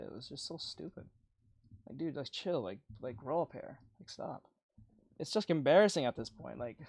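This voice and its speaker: A man's voice: medium pitch, no echo. A young man with a boyish, youthful-sounding voice chatting casually on a livestream, rambling, laughing often and swearing freely.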